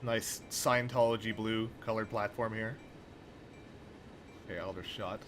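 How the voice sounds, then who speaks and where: A man's voice: lowish voice, fairly even intonation, measured pace, a bit bright, a little hiss or hum. A young man streaming a train simulator, chatting casually with rambling, profane, wry asides. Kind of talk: casual gameplay commentary.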